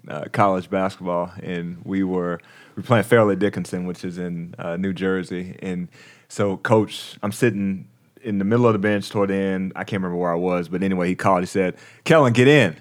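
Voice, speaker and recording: Deep-voiced man speaking haltingly. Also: fairly even intonation. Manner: halting, with many fillers and pauses. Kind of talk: casual chat.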